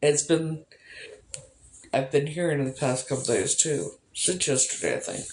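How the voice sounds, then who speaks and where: A woman's voice: low-pitched, normal speed, darkish tone. A woman vlogging in casual personal chat, rambling and emotional, swearing often. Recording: echoey room.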